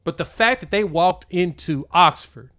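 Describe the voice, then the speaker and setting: Animated guy cohosting sports talk, brightish higher voice, jokey. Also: normal speed. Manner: animated, joking storyteller. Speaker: podcast co-host. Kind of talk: casual sports chat.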